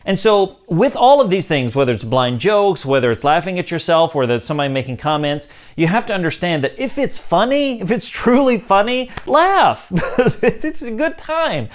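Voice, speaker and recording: Young man, channel host, casual talk to camera, upbeat, laughs easily, fairly high voice, very lively pitch. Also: normal speed. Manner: upbeat, laughs easily, acts out quoted lines. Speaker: YouTube host.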